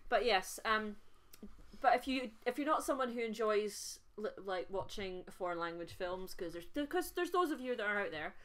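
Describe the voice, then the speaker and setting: A woman's voice: mid-range voice, expressive, moderate pace, a bit bright. A woman co-hosting a casual film podcast, speaking hesitantly with frequent fillers. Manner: hesitant, many fillers and restarts, recommending films. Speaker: podcast co-host.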